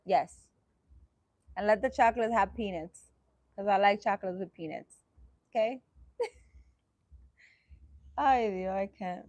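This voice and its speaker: A woman hosting a casual livestream, bantering with her viewers in a teasing, emphatic way. Her voice sits at an ordinary middle pitch and sounds dry and close, with no room around it. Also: takes it slowly, long pauses, a little mellow, dry recording. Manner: playful and teasing, emphatic, laughs often. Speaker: livestream host answering viewers.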